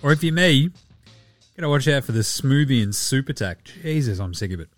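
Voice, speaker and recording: A man's voice: mid-range voice, animated, fairly quick, no echo, faint music behind. Sweary man chatting sports. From Australia. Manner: sweary, joking, puts on players' voices. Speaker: podcast host. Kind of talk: casual sports chat.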